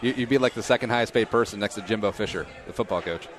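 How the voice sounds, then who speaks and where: Man, middle-aged, podcast host, lower pitch, playful joking, casual chat, chatter in background. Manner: joking, quick asides.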